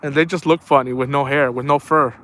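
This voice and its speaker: With a mid-range, slightly bright voice, fairly even intonation and a fairly quick delivery, a man casually streams himself night fishing outdoors near water. The outdoors streamer rambles, tells stories and frequently says "man" and "bro" to listeners.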